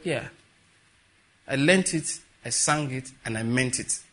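A man preaching a sermon, telling stories with quiet asides that build to emphatic peaks. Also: mid-range voice, slow pace. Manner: storytelling with soft asides and rising emphatic peaks.

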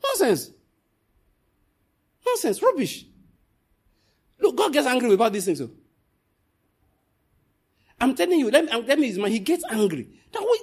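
Preacher guy, high husky voice, swings loud then low, very lively. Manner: animated, swings from loud scolding to low storytelling. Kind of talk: sermon.

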